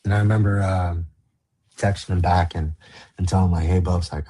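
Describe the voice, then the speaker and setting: A man with a low, steady, mellow voice speaks briskly as a podcast guest, recounting his life story with candor. He's blunt and swears freely, acting out old conversations by quoting them line by line.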